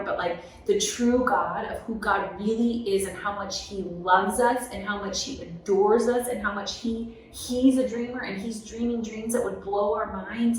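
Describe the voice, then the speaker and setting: Animated woman author, echoey distant mic. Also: mid-range voice, a little hiss or hum. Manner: animated, tag questions like "right?". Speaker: author and guest. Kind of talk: conversational podcast storytelling.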